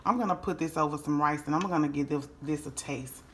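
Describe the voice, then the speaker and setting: Woman cooking host, low voice, chatty and savoring, roomy echo in a home kitchen. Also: fast talker. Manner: chatty, savoring aloud with lots of hums and "y'all". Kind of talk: casual cooking vlog, tasting food on camera. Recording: echoey room with faint noise.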